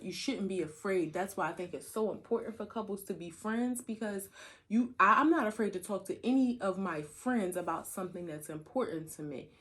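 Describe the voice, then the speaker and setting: A woman co-hosting a podcast, chatting candidly with her husband and laughing often. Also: sits low. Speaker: podcast co-host. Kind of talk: casual chat.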